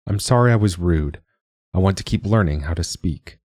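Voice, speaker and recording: A man's voice: low-pitched, animated, normal speed, darkish tone, no room sound, clean studio sound. A man voicing a reluctant young boy who speaks stiffly, as if unpracticed at talking aloud. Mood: flat. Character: boy pupil, flat and reluctant.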